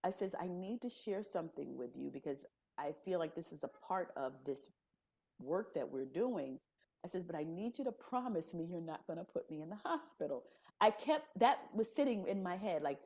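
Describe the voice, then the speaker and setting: A woman guest on a podcast, telling her story in a casual, animated way and acting out the conversations she describes. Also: fairly low pitch, moderate pace. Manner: animated, laughing storyteller who acts out quoted dialogue.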